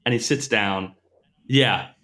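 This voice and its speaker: Animated man telling a funny story. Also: mid-range voice, slow pace. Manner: animated, laughs a lot, acts out quoted voices. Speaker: guest storyteller, corporate trainer. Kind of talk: casual storytelling on a podcast.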